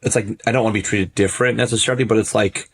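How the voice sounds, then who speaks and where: A man with a husky voice speaks as a guest on a podcast. His pitch runs fairly low. He talks openly and reflectively, stumbling and restarting as he searches for words. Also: fairly even intonation, very fast. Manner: candid and reflective, many restarts. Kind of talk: open personal conversation.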